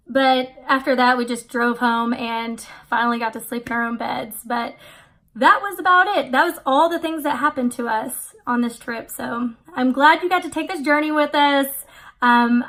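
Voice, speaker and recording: A chatty young woman vlogging about her trip, her voice sitting a little high. She rambles along with plenty of "like" and "um", in an easy storytelling way. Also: fairly bright tone. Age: 20s. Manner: chatty, many fillers and "like". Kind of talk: casual storytelling.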